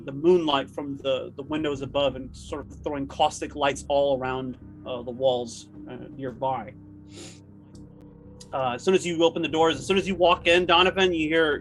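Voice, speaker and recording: Male game master, slightly high voice, hesitant fillers, faint music bed. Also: a bit bright. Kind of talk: narrating a tabletop horror game.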